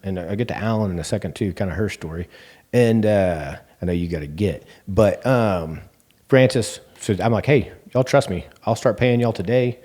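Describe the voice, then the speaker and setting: Here a Texas Panhandle bank CEO with a deep, mellow voice is the guest in a casual interview, talking at a moderate pace. His storytelling is lively, he performs each bit of dialogue in his own voice, and fillers like um and you know pop up constantly.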